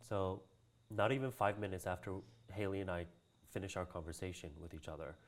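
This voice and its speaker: Fairly quick and low-pitched, with fairly even intonation, this man is a guest and cultural practitioner from Hawaii. In a casual interview he tells a story, laughing often and acting out the voices of people he quotes.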